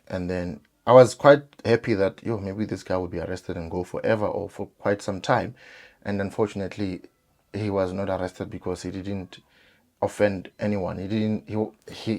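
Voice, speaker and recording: A man's voice: low-pitched, normal speed. South African man telling a story. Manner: animated, acts out quoted voices, frequent fillers. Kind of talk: casual storytelling to viewers.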